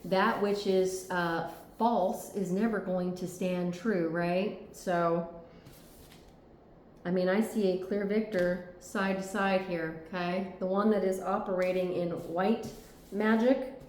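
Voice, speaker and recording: A woman's voice: on the low side, fairly even intonation, slow, a little mellow, slight background noise. A woman giving a tarot reading, talking earnestly and reassuringly and often checking in with "okay?". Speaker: tarot reader. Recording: echoey room.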